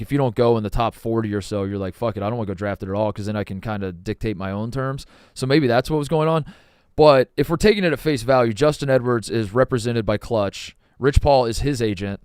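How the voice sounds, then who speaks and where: A man's voice: mid-range voice, clear, resonant tone, dry recording, clean studio sound. A man co-hosting a sports podcast, talking in a rambling, profane, casual way. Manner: rambling, profane, trails off and restarts. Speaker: podcast co-host.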